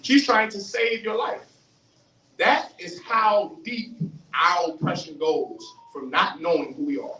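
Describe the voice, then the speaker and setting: A man giving a fiery street-style religious lecture, animated, questioning the audience and acting out voices. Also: sits high, unhurried, faint music behind. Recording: roomy, distant mic, faint hiss.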